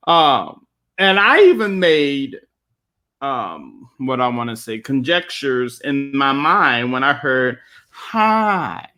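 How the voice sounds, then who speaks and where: A man's voice: fairly high pitch, sharp tone. A man in a casual church panel discussion, telling a story in a conversational way. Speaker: guest speaker.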